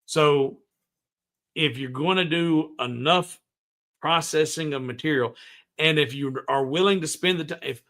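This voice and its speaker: In a casual live tutorial from his home workshop, a woodworking livestream host speaks in a fairly bright voice a little higher than most men's. He meanders folksily and without hurry, humming tunes while he works and reading out viewer comments to answer them.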